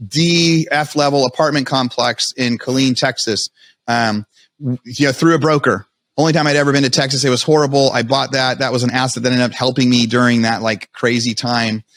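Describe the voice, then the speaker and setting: A man as a podcast guest, telling his story in a fast, animated way with many restarts. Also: mid-range voice, no room sound, studio quality. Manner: fast, animated retelling with frequent restarts and quoted self-talk.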